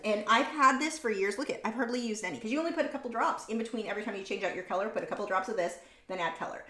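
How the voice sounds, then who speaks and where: Chatty woman in a roomy studio. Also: a little high. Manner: chatty and rambling, correcting herself mid-sentence. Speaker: artist hosting a painting livestream. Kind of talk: casual livestream chat. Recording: roomy room sound.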